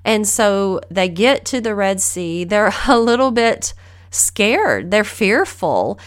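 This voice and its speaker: A woman's voice: mid-range voice, big pitch swings, slow. Woman, middle-aged, casual devotional teaching, earnest, conversational, asks the listener questions. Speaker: podcast host teaching the Bible.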